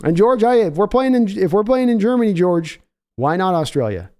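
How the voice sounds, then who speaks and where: A man's voice: high-pitched, sing-song, a little fast, warm tone. Rambling, joking sports podcast host, a man. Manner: rambling, joking, answering chat questions. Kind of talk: casual live-stream sports chat.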